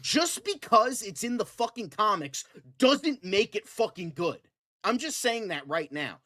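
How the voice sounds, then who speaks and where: A man's voice: sits high, animated, measured pace, bright, forceful tone. A man co-hosting a fan talk show, ranting heatedly and swearing constantly. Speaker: co-host. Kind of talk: profane ranting chat.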